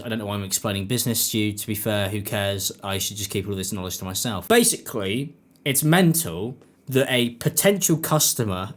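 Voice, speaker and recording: A British man giving sarcastic, dry commentary on online clips. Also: fairly low pitch. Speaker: YouTube commentator.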